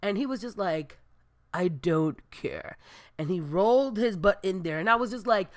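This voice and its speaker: A woman telling a comic personal anecdote, animated and expressive, breaking into shrieks and Spanish exclamations. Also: mid-range voice, brisk. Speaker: storyteller.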